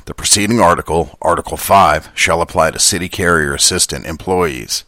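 A man putting on a gruff, low reading voice. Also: moderate pace, sharp tone, no room sound, clean studio sound. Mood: stern. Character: gruff, gravelly adult male voice reading formal text.

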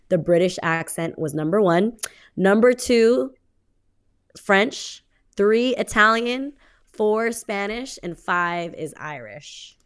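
Low-voiced woman co-host, chatty. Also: a bit bright. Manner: upbeat presenter reading stats, chatty. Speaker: co-host with a segment. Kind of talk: casual radio-show chat.

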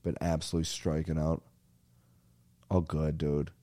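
This young man's voice is extremely low and warm, with flat delivery at a normal speed. Hosting a podcast, he rants casually and animatedly for comedy, swearing and calling everyone "dude."

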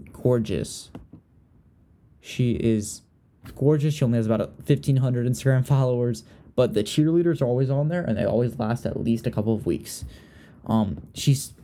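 A man's voice: medium pitch, dark tone, a little hiss or hum. A young man from Virginia hosting a casual podcast, chatty and gossipy, often trailing off and restarting. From Richmond, Virginia. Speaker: podcast host. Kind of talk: casual chat.

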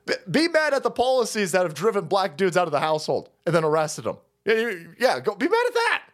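A man hosting a stream, ranting about politics in a loud, foul-mouthed, mocking way, jumping between shouts and low mutters. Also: huge pitch swings, fast talker. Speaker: host of a political rant stream. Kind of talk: profane political rant.

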